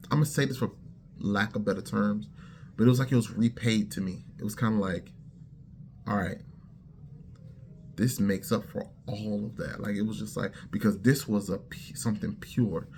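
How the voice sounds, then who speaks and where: A man sharing his personal faith testimony as a lively story, talking straight to his listeners and acting out the lines of the people in it. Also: on the low side, normal speed, long pauses, a little hiss or hum. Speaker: testimony speaker.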